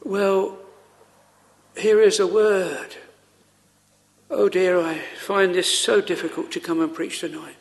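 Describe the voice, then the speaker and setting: A man preaching a solemn, earnest sermon with slow pauses, quoting old scripture. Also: sits high, steady tone.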